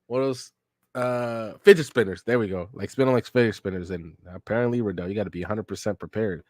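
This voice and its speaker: Low-voiced man recounting a manga, dry sound. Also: quick pace, a little mellow, dry recording. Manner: recounts panels in a run-on 'and then he's like' way; incredulous, joking asides. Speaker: host reading a manga aloud for the first time. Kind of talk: casual play-by-play retelling.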